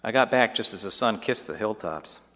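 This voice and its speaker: Male actor as Joseph: earnest young son, tender storytelling monologue, slightly low voice, long hall echo. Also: animated, normal speed, a bit bright. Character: earnest young man Joseph confiding in his mother. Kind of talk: dramatic first-person monologue. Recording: long echoey hall reverb.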